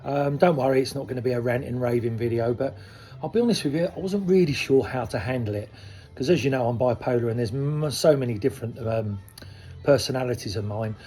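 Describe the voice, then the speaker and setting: A man's voice: mid-range voice, fairly quick. A man in his sixties, a koi dealer, speaking frankly and casually to his viewers, rambling through asides. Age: 60s. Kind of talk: casual talk to camera. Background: soft soul music.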